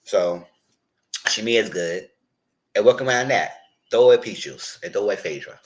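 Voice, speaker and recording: A man in a live chat recapping a reality TV show, talking in an animated, outspoken way with lots of slang. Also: on the low side, normal speed, poor audio. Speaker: reality TV commentator.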